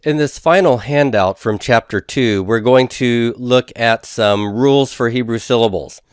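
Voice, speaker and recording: A man teaching a recorded lesson in a methodical way, repeating each word slowly for his students. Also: medium pitch, smooth, no echo, clean studio sound. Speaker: Hebrew instructor. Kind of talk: recorded lecture over handouts.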